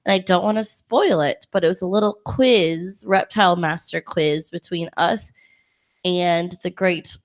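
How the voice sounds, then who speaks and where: A woman's voice: on the low side, a little slow. A woman co-hosting a podcast, chatty and teasing, giggling through a loose wrap-up. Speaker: podcast co-host. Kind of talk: loose joking outro chat.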